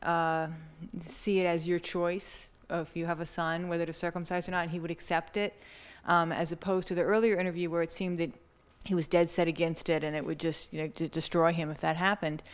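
A woman with a smooth, clear, rather low voice speaks up from the audience at a Q&A. She sets out her question earnestly and at a measured pace. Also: flat delivery. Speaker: audience member asking a question.

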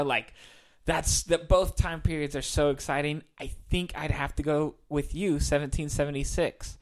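A man co-hosting a podcast in casual chat, easygoing and thinking aloud as he talks. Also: on the high side. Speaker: podcast co-host.

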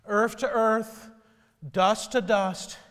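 A male pastor delivering a sermon, telling a story slowly and solemnly. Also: high-pitched, fairly even intonation, a bit bright, clean tone, big-room sound.

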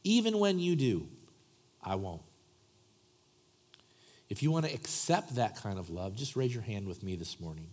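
A man preaching a sermon as pastor, talking conversationally and swinging from loud asides to soft, hushed prayer. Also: lowish voice, sing-song, normal speed, pauses often, faint music behind. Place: church sanctuary.

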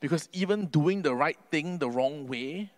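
A man preaching a sermon earnestly, building to emphatic peaks and then dropping his voice low. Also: normal speed. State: can't sing due to covid.

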